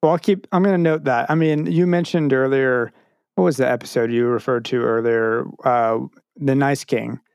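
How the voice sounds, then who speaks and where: Relaxed man, mid-pitched, joking co-host. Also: moderate pace, clean tone, dry recording, studio quality. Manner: relaxed, joking, short agreeing replies. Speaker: podcast co-host. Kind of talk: casual chat about a cartoon.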